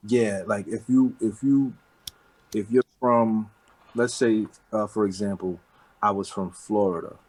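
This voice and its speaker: A man in his thirties with a New York accent, talking casually and rambling a little in a relaxed interview, dropping street slang. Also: lowish voice, a little slow, low-quality recording. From the Bronx, New York. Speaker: rapper, interview guest.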